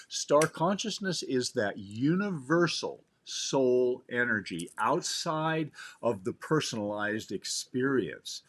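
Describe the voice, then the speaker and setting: A man on a spiritual talk radio show, speaking as a medical intuitive, animated and often repeating words as he starts a sentence. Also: fairly low pitch.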